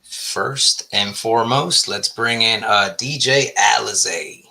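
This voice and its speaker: Gravelly, bright-voiced middle-aged man hosting. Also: fairly low pitch, slow pace. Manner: laid-back, profane, storytelling. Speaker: podcast host. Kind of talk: casual podcast chat.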